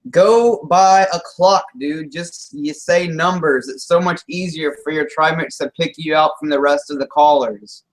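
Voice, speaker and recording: A man's voice: on the high side, unhurried, few pauses, low-quality recording. A man co-hosting a casual TV recap chat, jokey and teasing, laughing often. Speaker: podcast co-host.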